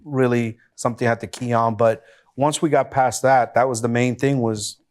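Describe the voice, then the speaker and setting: A man's voice: mid-range voice, steady tone, normal speed, darkish tone. A man with an ordinary mid-range voice speaks on a discussion panel. He is earnest and reflective as he recounts his ordeal. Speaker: rescued police officer, panelist.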